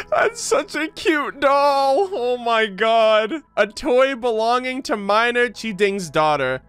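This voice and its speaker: A young man streaming a game playthrough, excitable and swearing, swinging between scared and amused. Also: a little high, smooth. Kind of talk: casual game playthrough commentary.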